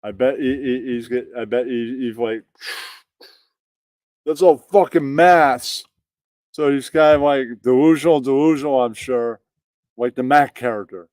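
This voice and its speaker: A man's voice: medium pitch, normal speed, no echo, clean studio sound. A man hosting a stream, ranting in crude, mocking comedy about a clip. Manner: mocking, profane, animated. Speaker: stream host reacting to clips.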